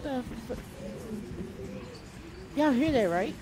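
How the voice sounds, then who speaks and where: A woman's voice: high voice, animated, takes it slowly, noisy background. A young woman streaming a horror game, chatty and jumpy, talking to the game and to her viewers. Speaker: gamer streamer. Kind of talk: let's-play commentary.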